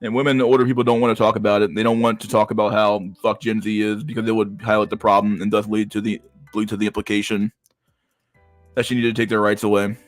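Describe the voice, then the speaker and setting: A man's voice: fairly low pitch, little pitch movement, fast talker, dry recording, faint music behind. A man streaming and reacting to chat messages in a blunt, profane way, often stumbling and repeating words. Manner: profane, blunt, restarts a lot. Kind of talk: casual livestream chat.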